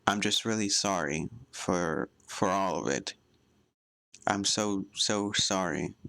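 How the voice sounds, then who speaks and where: A man's voice: low voice, slow, creaky, exaggerated voice. A man reading as Yakko, worn out and tearful. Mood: weary. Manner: quiet, choked, apologetic. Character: exhausted, tearful young male cartoon character.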